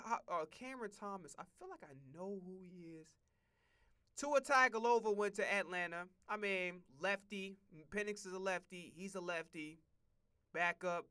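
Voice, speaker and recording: A man streaming casual sports commentary, profane and rambling, with excitable outbursts. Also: high-pitched, clear, resonant tone.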